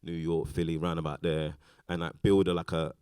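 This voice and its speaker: A man's voice: sits low, flat delivery, a little fast, a little mellow, smooth, dry recording, clean studio sound. A British man, an actor and interview guest, talking casually on a festival stage in a rambling way, with many fillers and restarts. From Britain. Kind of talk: casual onstage conversation.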